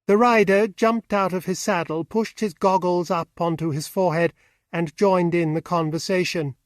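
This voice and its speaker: A man narrating an audiobook with steady, even storytelling on a close mic. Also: sits high, normal speed, no echo. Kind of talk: scripted narration.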